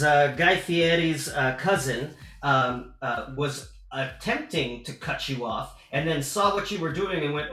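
A man's voice: fairly high pitch, sharp tone. A man narrating as game master of a tabletop game, casual with many fillers. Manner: casual, lots of fillers, laughs easily.

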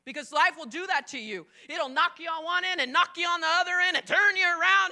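A middle-aged woman pastor preaching a sermon, telling the story with energy and acting out the quotes, swinging between loud and soft. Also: very high-pitched, fairly quick.

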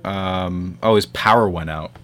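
A man's voice: low-pitched, unhurried, fairly bright tone, soft background music. A young man from the New York area hosting a casual podcast, swearing often and trailing off into fillers. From New York tri-state area. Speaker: podcast host. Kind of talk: casual group chat.

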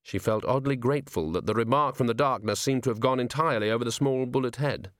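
A man narrating an audiobook in a measured, clear reading voice. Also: medium pitch, fairly bright tone, no echo. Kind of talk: scripted narration. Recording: dry close studio sound.

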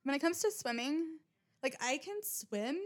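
A woman's voice: high voice, expressive, a little slow. A young woman talking casually and bluntly about her odd habits, rambling, swearing often and mocking herself. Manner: rambling, blunt, frequent swearing and self-mockery. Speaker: podcast host. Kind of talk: casual confessional monologue.

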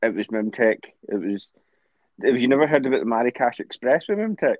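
A man's voice: mid-range voice, expressive, fairly quick, no echo. A Scottish man from Greenock telling blunt anecdotes as a co-host. His voice comes through a dull, lo-fi mic with a dry, close sound. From Scotland. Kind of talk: casual podcast chat.

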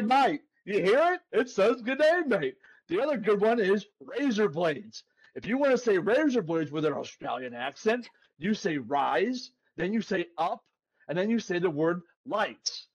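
A man co-hosting a sports betting podcast, brash and playful, who keeps calling people "baby" as he pitches his picks. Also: slightly rough, poor audio. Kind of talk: hyped-up betting picks chat.

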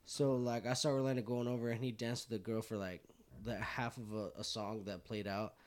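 A man's voice: fairly low pitch, a little fast. Man telling a rowdy night-out story. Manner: swearing, animated, laughs while telling. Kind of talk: casual storytelling among friends.

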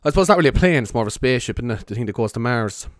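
A man's voice: medium pitch, animated, racing, no echo, studio quality. Rambling young Irish man from Cork. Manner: rambling, swears a lot, laughs often. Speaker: vlogger. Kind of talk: casual rambling vlog chat.

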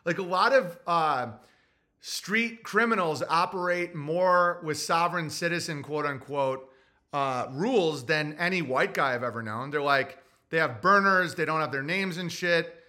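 A man with a New Jersey accent holds forth in a loose podcast monologue. His voice sits high and sounds bright and forceful, and he keeps jumping into put-on voices to act out what others say. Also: unhurried. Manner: animated, acts out quotes in put-on voices. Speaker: podcast host. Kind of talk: casual monologue.

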